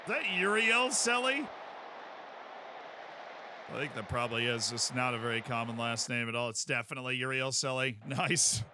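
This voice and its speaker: Bright, excitable male game streamer. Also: mid-range voice, moderate pace, pauses often, slight background noise. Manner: excitable, chatty, cheers on plays. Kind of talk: live game commentary.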